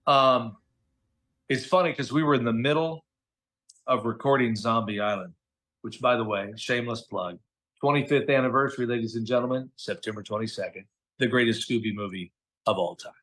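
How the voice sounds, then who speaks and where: A middle-aged man, a guest voice actor, telling stories in a casual interview, animated and acting out the voices of the people he quotes. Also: mid-range voice, fairly quick. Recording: podcast audio.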